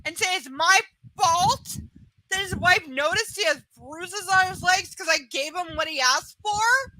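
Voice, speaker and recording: A woman's voice: extremely high pitch, animated, unhurried, pushed and bright, a little hiss or hum, poor audio. A woman hosting a live book reading, ranting heatedly with lots of profanity between passages.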